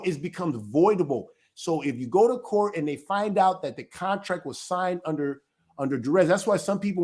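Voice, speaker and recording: Man, high voice, livestream talk, emphatic, rhetorical questions, restarts a lot. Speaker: ministry elder.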